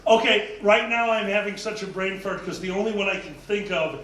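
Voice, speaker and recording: A man's voice: sits high, brisk, fairly bright tone, a little hiss or hum. A man bantering bluntly and teasing a friend on a convention panel. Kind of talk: casual banter. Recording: echoey room from a distance.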